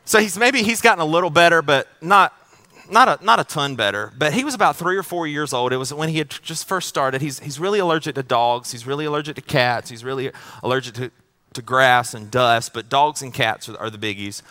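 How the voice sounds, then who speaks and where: A man's voice: fairly high pitch, a little fast, pushed and bright. A man preaching a sermon as pastor. He tells a family story in a casual, joking way and often repeats his words as he goes.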